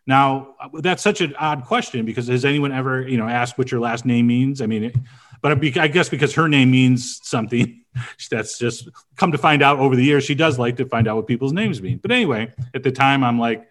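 A man's voice: mid-range voice, brisk. Middle-aged guy rambling thru a story on a podcast, lots of uh and you know, regular mid voice. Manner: rambling anecdotes with many fillers and restarts. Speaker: podcast co-host, chef. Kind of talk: casual storytelling chat.

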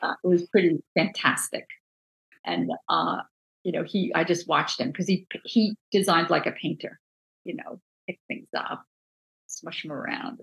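A woman with a New Jersey accent, a book designer telling stories in a casual interview, animated and full of restarts. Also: fairly low pitch, a little slow, gravelly, poor audio. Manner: animated, acts out quoted voices, many restarts.

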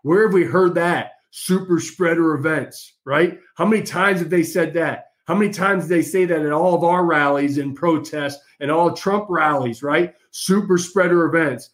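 A man's voice: a little high, normal speed, few pauses. A man hosting an opinionated political monologue, combative and mocking, talking straight to his listeners. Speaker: political commentary host.

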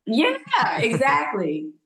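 A woman, an actress on a podcast as a guest, answering questions thoughtfully with hesitant pauses and many fillers. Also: sits high, huge pitch swings, creaky, fairly bright tone. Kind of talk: interview conversation. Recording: echoey room.

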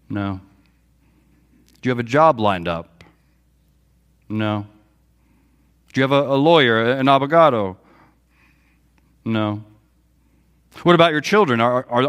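A man's voice: medium pitch, a bit bright. Male pastor, sermon delivery, storytelling preacher who acts out the quotes. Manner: storytelling preacher, quoting dialogue with feeling. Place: church sanctuary.

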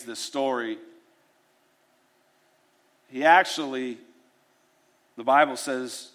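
A man preaching a sermon, acting out prayers and Bible scenes in an animated way. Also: mid-range voice. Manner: animated, dramatizes prayers with rising voice. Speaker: pastor.

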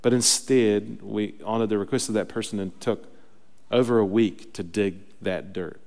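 A man's voice: on the low side, fairly even intonation, normal speed, gravelly, darkish tone. Casual preaching man in a reverberant hall. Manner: conversational storytelling, building to emphatic preaching. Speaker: pastor. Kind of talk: sermon. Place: church sanctuary. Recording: long reverb of a church hall.

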